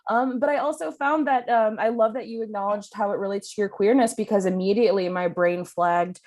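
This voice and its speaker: A woman on a judging panel giving chatty, enthusiastic feedback on a film pitch. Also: a little fast, darkish tone. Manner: enthusiastic, chatty, with light laughs. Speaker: pitch competition judge.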